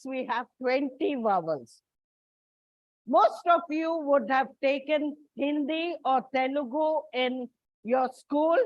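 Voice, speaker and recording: A woman's voice: high voice, no room sound, dull audio. A woman from India giving a classroom lecture as an English teacher, explaining step by step with frequent restarts and fillers.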